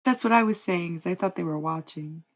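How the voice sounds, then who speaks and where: Speaking briskly at a fairly low pitch, a young woman chats loosely with viewers on a casual livestream, heard through a rough recording. She rambles, gets sidetracked easily, and drifts from topic to topic as she addresses chat.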